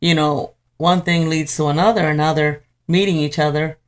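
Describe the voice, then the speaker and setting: A woman's voice: low-pitched, fairly even intonation, normal speed. A woman co-hosting a faith-based marriage talk, chatty and supportive, sharing stories in a casual way. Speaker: co-host of a Christian marriage show.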